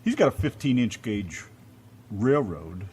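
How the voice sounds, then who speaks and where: Lively joking American man co-hosting radio. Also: on the low side, a little slow, a little hiss or hum. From United States. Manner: joking, teasing, lively delivery. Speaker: co-host. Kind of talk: casual radio chat.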